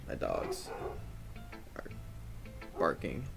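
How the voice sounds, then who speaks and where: A man's voice: very slow, over loud music. A man hosting a let's play, commenting on the game in a rambling, uneasy way. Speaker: gameplay host.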